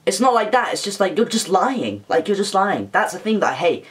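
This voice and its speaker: A man's voice: sits high, big pitch swings, fairly quick, a bit bright. A young man from England ranting to camera about his pet peeves, blunt, sweary and exasperated. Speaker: YouTuber. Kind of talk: casual rant to camera.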